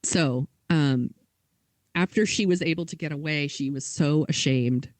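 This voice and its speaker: A woman's voice: deep voice, measured pace, darkish tone, no room sound. A woman co-hosting a podcast, telling a story in casual chat with lots of "like" and quoted dialogue. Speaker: podcast co-host.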